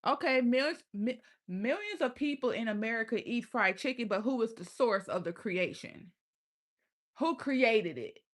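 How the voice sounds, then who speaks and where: A woman's voice: on the high side, animated, moderate pace, few pauses, fairly bright tone. A young adult woman talking casually and bluntly on a livestream, often profane and laughing. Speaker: live streamer.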